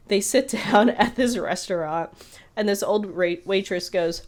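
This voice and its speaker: This podcast co-host speaks at a medium pitch and a little slowly. She tells her story animatedly, wandering around it casually with plenty of filler words.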